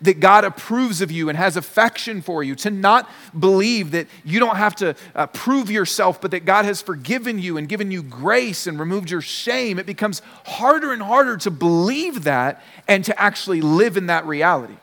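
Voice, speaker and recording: High-voiced man preaching in an echoing hall. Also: expressive, moderate pace, few pauses, fairly bright tone. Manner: earnest, emphatic preaching with repetition. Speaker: pastor. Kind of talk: sermon.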